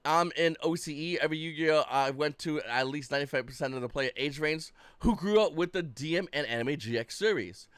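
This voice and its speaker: A man with a fairly high voice rants bluntly about a card game, swearing freely and talking with lively energy. His voice sits close and dry, with no room sound around it. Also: fairly quick, few pauses, clear, resonant tone, no echo. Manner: blunt, profane, animated. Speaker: YouTube card-game commentator. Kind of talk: casual ranting commentary.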